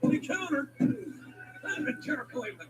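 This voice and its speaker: A man with a folksy drawl calling a wrestling match as play-by-play commentator, excitable. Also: very high-pitched, unhurried. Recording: distant mic under loud arena music.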